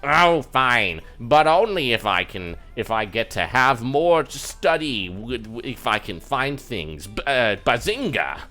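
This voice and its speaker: A man voicing a bookish, reluctant elf scholar puppet who talks slowly and pompously. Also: mid-range voice, sing-song, pushed and bright, faint music behind, voice pushed up. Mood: ponderous. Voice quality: slow, pompous ponderous delivery.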